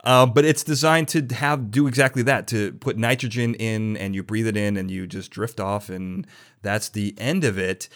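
A man hosting a podcast interview, telling stories with lively restarts and stumbles. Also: fairly low pitch, moderate pace. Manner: animated storyteller, many restarts. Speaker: podcast host. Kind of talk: conversational interview.

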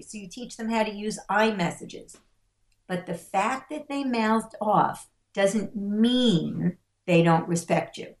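A middle-aged woman who coaches on parenting and stress, telling stories slowly and emphatically and acting out the voices of the people in them. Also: mid-range voice, reverberant. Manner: slow, emphatic, acts out the voices in her stories. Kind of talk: interview storytelling.

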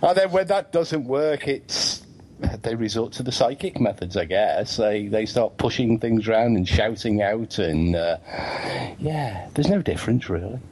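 A man's voice: on the low side, animated, unhurried, a little mellow, breathy edge. A male podcast host from England, chatting casually and teasing his co-host and guest with dry humor. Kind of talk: casual chat.

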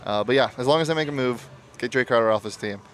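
Man, sports betting host, fast talker, upbeat, casual chat, live pub show, faint background noise. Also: mid-range voice, a bit bright. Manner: upbeat, quick plugs and sign-offs, laughs often.

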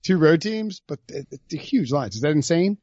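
A man's voice: a little high, big pitch swings, normal speed, a little mellow, dry recording, dull audio. A man hosting a casual betting podcast, chatty and thinking his picks through aloud. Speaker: podcast host.

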